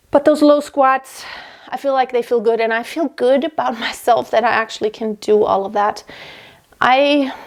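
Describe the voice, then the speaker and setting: A woman in her thirties gives a casual pregnancy update from her home workroom, out of breath and rambling with many restarts. Her voice is a little high and a little mellow, and she's a vlogger.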